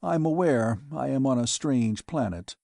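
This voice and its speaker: A man's voice: mid-range voice, lively intonation, unhurried, creaky, mellow, no echo, studio quality. Man voicing an earnest male traveller. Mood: firm. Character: earnest, principled male traveller on an alien world.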